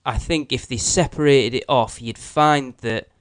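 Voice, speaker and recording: A man's voice: mid-range voice, unhurried, smooth, dry recording. A man co-hosting a casual podcast, joking and reading listener emails aloud. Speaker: podcast co-host.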